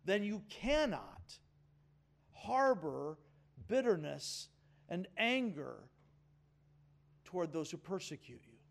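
A man's voice: sits high, sing-song, slow, gravelly, pauses often. A man preaching a sermon in an earnest, emphatic way, calling on the congregation to answer back. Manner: earnest, emphatic, with audience call-and-response. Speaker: pastor.

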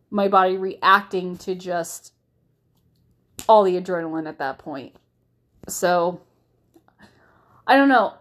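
Young mom rambling to camera, chatty and candid, lots of likes and ums. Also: female voice, medium pitch. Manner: candid and chatty, with many fillers and restarts. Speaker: mother vlogger. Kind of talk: casual chat to camera.

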